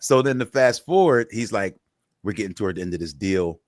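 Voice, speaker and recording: A man telling stories in casual podcast chat, his voice swinging lively up and down as he acts out quoted people. The sound is dry and close. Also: lowish voice, brisk, dry recording. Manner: animated storyteller acting out quoted voices. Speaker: podcast co-host.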